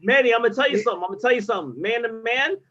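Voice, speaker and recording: A comedian with a tipsy edge, trading loud, profane, laughing banter with friends on a video call. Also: male voice, very high-pitched, lively intonation, very fast, lo-fi sound, over a noisy crowd.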